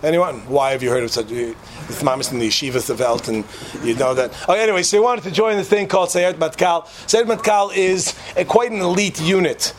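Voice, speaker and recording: A man with a slightly high voice tells a funny story to a small audience in a hall. He chats and jokes, turns to the crowd with quick asides, and a faint hiss sits under the recording. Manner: chatty, joking, addresses the audience with asides. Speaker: speaker telling a story to an audience. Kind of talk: humorous storytelling talk.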